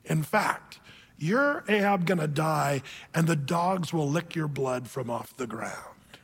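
Solemn old prophet, put on by a preacher; slow, weighty, gravelly. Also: male voice, a little high, lively intonation, in a large hall, voice pushed down, exaggerated voice. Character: stern older male prophet delivering doom.

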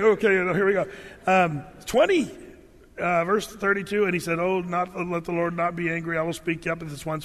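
A man preaching a sermon and reading scripture aloud, animated and humorous, briefly acting out the biblical figures in his own voice. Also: high-pitched, big-room sound. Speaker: pastor.

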